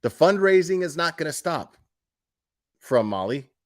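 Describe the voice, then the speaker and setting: A man's voice: on the high side, very animated, unhurried, dry recording, studio quality. A man hosting a casual true crime livestream, rambling, swearing and sarcastic as he reads and answers chat.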